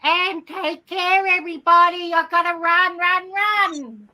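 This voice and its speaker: A woman voicing an excitable, chatty female hen who rambles with lots of ums. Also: high-pitched, slow pace, far from the mic, low-quality recording. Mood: giddy. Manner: rambling, giddy, full of ums. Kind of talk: comic character monologue.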